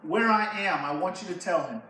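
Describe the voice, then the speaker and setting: A man's voice: high-pitched, animated, fairly quick, pushed and bright, slight background noise. A man voicing a wary young hero on the run, in a very echoey hall far from the mic. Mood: scheming.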